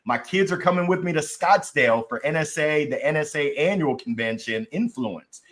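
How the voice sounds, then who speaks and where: A man's voice: on the high side, expressive, moderate pace, fairly bright tone. A man who is a professional speaker, talking on a live video call and giving enthusiastic advice, often repeating words as he starts a thought.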